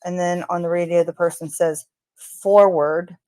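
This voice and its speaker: A woman's voice: on the low side, completely flat delivery, brisk, mellow, smooth, no echo. A woman narrating her analysis of crime-scene audio, speaking tentatively with fillers and speculation. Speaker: true crime commentator.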